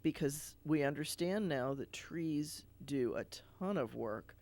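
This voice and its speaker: Man, rabbi hosting a TV chat, gravelly, thoughtful explainer. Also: fairly high pitch, lively intonation, unhurried, a little mellow. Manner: thoughtful, explanatory, many fillers and restarts. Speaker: rabbi sitting in as TV show host. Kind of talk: casual studio conversation. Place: TV studio.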